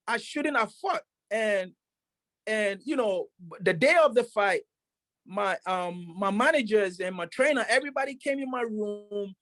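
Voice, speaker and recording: A professional boxer telling a story in a casual interview, rambling with many fillers and restarts. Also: male voice, very high voice, a bit bright, no room sound.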